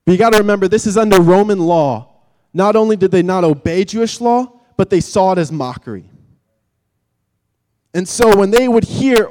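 Male preacher, fairly high voice, dramatic sermon delivery that drops to a hush, long hall reverb. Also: moderate pace. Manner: vivid, dramatic, swings from loud emphasis to hushed tones.

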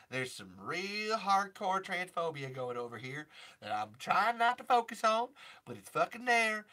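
A man's voice: sits high, pushed and bright, exaggerated voice. A man doing a brassy country gal. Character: brassy Southern country-singer woman, tough, single mom.

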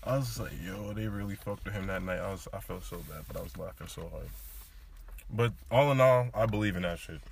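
A man's voice: on the low side, fairly quick, creaky, background noise. Young man telling a wild story casually. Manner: animated slang-heavy storytelling with laughs.

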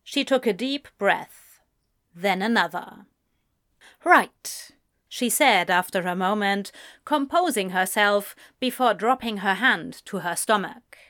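A woman reading a story aloud as narrator, measured and unhurried. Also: medium pitch, fairly bright tone.

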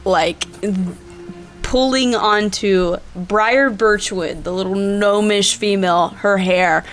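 A woman's voice: mid-range voice, slow pace, faint music behind. A woman narrating a tabletop game as game master, chatty and hesitant, with many fillers.

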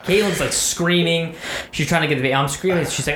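A man's voice: mid-range voice, rapid-fire. A man co-hosting a podcast, telling a long story in a casual, rambling, profane way, full of fillers. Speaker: podcast co-host. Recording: echoey room with faint noise.

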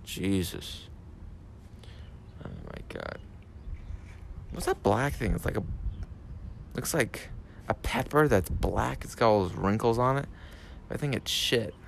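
A man's voice: on the low side, big pitch swings, slow pace, creaky, pauses often. A young man in a rambling casual monologue, ranting with swearing and lots of fillers. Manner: meandering, profane ranting with many fillers. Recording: faint background noise.

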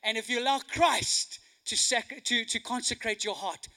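High, bright-voiced male preacher. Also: normal speed. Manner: animated storytelling, swings from hushed to loud. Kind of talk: sermon.

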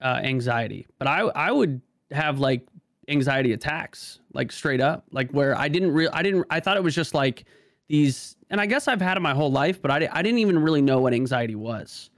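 Gravelly man talking in halting restarts. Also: on the high side, lively intonation, fairly bright tone, dry recording, clean studio sound. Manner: stammering restarts, frequent "like" fillers. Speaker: podcast guest. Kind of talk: casual conversation.

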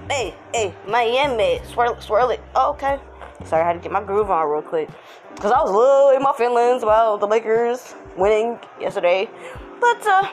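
A woman hosting her own podcast from home, chatting casually with hype, slang and sing-song chants. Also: on the high side. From Texas. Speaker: podcast host. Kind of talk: casual morning chat.

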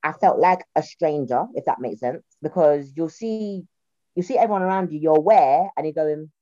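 Young South London woman, comedian, low and mellow voice, chatty and animated, dry dull video-call sound. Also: normal speed, no room sound. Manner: chatty, animated, laughs often, slips into mocking voices. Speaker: guest, comedian. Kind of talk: casual interview chat.

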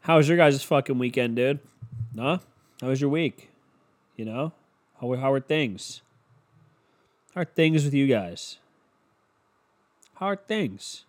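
A man's voice: medium pitch, measured pace, pauses often. A young man with a stuffy nose from a cold hosts a solo podcast from his room, rambling, sarcastic and swearing constantly, close on a handheld mic. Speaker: podcast host. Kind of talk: casual solo podcast rant. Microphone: handheld mic held close to the mouth.

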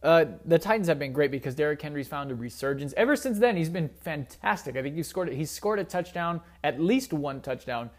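A man's voice: on the high side, expressive, brisk, hardly any pauses. A young man hosting a solo sports podcast, rambling casually with fillers and restarts, joking at his own expense. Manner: rambling, self-deprecating, with many fillers and restarts. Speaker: podcast host.

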